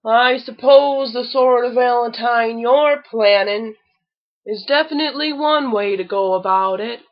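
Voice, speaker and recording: A woman voicing a gloomy male donkey in a storybook reading, with a slow rumbling drawl. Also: dull audio, close to an everyday voice.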